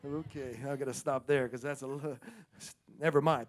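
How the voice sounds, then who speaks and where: A male pastor preaching a sermon with energetic emphasis, repeating phrases and calling out to the congregation. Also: medium pitch, normal speed.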